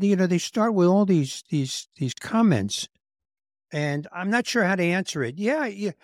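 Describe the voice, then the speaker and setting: A man hosting a podcast, his voice sitting fairly high for a man. He tells wry, self-deprecating stories and slips into the voices of the people he describes. The sound is dry and close, with no room echo. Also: animated, normal speed. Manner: wry, self-deprecating, acts out what others said. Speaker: podcast host. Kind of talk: comedic conversational storytelling.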